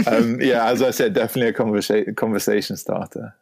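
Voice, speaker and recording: A young Englishman in his 20s with a posh London accent, his voice low and creaky. He's a podcast guest in casual chat, hesitant, stammering and self-conscious.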